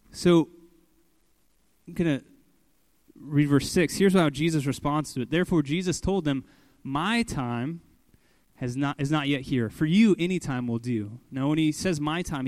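A man's voice: fairly high pitch, a little mellow, dry recording. A young adult man giving casual Bible teaching as a pastor, conversational, often saying "like" and "okay" and voicing quoted lines with animation.

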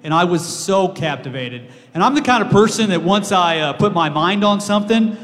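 A man giving a personal testimony in a halting way, with many pauses and restarts. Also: sits high, lively intonation, a bit bright. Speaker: guest speaker sharing testimony. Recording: hall with long reverb.

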